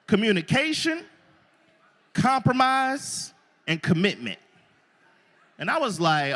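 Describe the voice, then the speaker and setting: Male stand-up comic from Florida, high bright voice, loud crowd work, live show. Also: sing-song, moderate pace, pauses often. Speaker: stand-up comedian. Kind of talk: stand-up comedy set. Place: live show before an audience.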